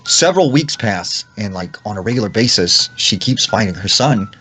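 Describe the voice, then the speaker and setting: Low-voiced man telling a creepy story. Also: lively intonation, normal speed, pushed and bright. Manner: retells with lots of "like" and acted quotes. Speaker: storyteller in clip. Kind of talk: casual storytelling.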